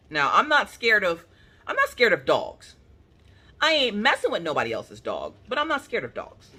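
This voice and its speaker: A woman crafting-channel host from Pennsylvania, telling a story in casual chat, animated and colloquial, acting out what people said. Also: on the low side. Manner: animated, colloquial, acts out quotes.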